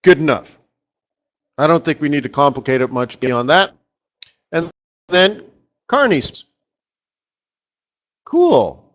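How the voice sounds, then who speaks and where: A man hosting a live trading session, chatty and excitable, breaking into lively exclamations. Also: on the high side, takes it slowly, long pauses, lo-fi sound. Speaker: market strategist host. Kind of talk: live trading webinar commentary.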